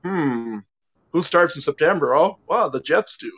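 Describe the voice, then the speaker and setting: A man's voice: a little high, expressive, measured pace, fairly bright tone, dull audio. A man chatting casually on a video call, chiming in with dry jokes.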